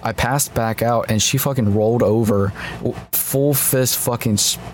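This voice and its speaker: A man's voice: medium pitch, fairly even intonation, normal speed, a little hiss or hum. Rambling, swearing man on a podcast. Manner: rambling, profane, laughs easily. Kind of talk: casual podcast banter.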